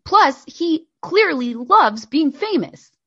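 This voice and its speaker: A woman's voice: high voice, big pitch swings, slow, sharp tone, dry recording, lo-fi sound. A woman co-hosting a podcast, blunt, opinionated and sarcastic in casual chat. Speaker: podcast co-host.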